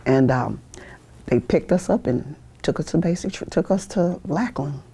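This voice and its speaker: In a university media studio, a veteran in her sixties from the United States tells stories from her past for an oral history interview. She speaks at a moderate pace in a deep, dark, expressive voice with a breathy edge, laughing often and imitating those she quotes.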